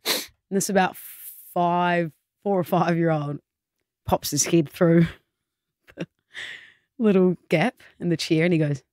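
Australian female radio co-host, animated anecdote teller, dry booth sound. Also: lowish voice, takes it slowly, pauses often, dry recording. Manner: animated storyteller, laughing through her own anecdote. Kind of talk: casual radio banter.

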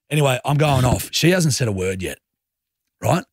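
A man's voice: mid-range voice, lively intonation, brisk, creaky, slightly rough, no room sound, clean studio sound. An Australian man co-hosting a radio show, telling a story in casual chat and acting out his own quoted lines. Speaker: radio co-host. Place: radio studio. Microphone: studio microphone.

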